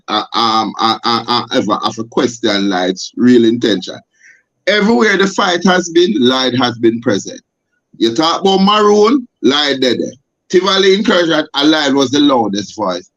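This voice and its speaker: A man with a Jamaican accent speaks as a talk show guest, pressing his points with force and repeating himself for emphasis. His voice sits somewhat high for a man. The audio is dull and lo-fi. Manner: forceful, repetitive, rhetorical questions. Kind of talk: impassioned talk show discussion.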